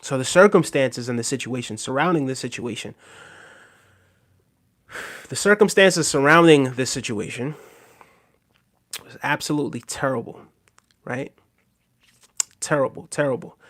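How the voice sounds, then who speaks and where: With a medium-pitched, a bit bright voice, this man speaks at a measured pace and pauses often. He hosts a loose, unscripted livestream, reading viewer comments with fillers, repeated phrases and frequent "right?".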